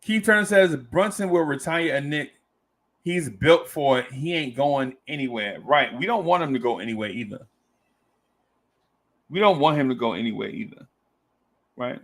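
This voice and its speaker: A man's voice: medium pitch, moderate pace, long pauses, a bit bright. A man hosting a casual live-stream chat, reading viewer comments aloud in a playful way and often repeating his own phrases. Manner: playful, laughs easily. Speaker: host of a fan talk stream.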